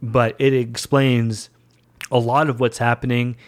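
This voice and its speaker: A man's voice: medium pitch, level tone, measured pace. A man giving casual solo commentary on a movie scene, chatty, enthusiastic and self-deprecating. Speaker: film commentator.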